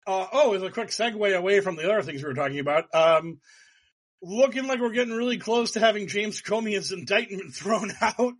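A man with a high voice talks in a loose, sarcastic ramble, full of restarts and quick asides. His casual chat swings between mockery and excitement. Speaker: podcast co-host.

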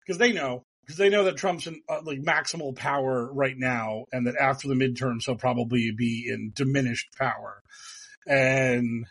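A man in casual political chat, rambling with sarcastic asides and quick restarts. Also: medium pitch, fairly bright tone, breathy edge. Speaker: podcast co-host.

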